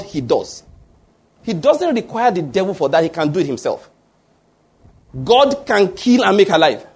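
A man's voice: high voice, breathy edge. A man preaching a sermon, emphatic and often restarting his words while asking the congregation to fill in the answers. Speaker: pastor.

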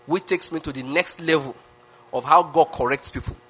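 A man's voice: on the high side, moderate pace, a bit bright, slight background noise. A man preaching a sermon, emphatic, with lots of repetition and rhetorical questions. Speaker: pastor.

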